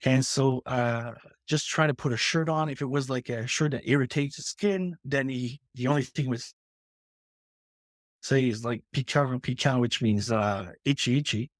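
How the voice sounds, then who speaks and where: A man's voice: mid-range voice, a little slow, no room sound. Earnest Canadian father, dry close sound. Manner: earnest, many restarts and fillers. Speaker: guest author. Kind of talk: casual interview talk.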